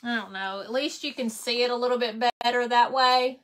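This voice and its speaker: Woman, craft stream host, high bright voice, relaxed slow chat, friendly thank-yous to viewers. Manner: chatty, thanks viewers by name, laughs often. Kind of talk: casual live chat while painting.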